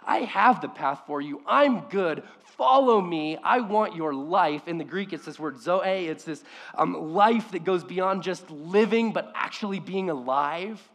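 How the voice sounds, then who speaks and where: A man preaching a sermon with passion, his voice sitting a little high for a man. He swings from loud, emphatic bursts down to quiet, hushed lines. The sound carries a long reverb from a large hall. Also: expressive, a little slow, hardly any pauses. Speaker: pastor.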